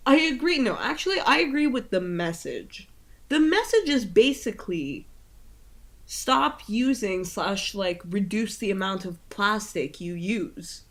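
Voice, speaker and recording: A woman's voice: mid-range voice, very animated, unhurried. Chatty woman podcast co-host. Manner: chatty, lots of fillers, swears freely. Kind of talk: casual chat. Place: home in Italy.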